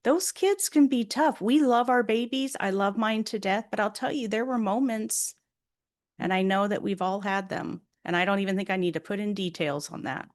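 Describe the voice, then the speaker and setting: A woman's voice: medium pitch, normal speed. Middle-aged woman, podcast host and coach, candid and earnest in her personal storytelling. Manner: earnest, candid, speaks directly to listening moms.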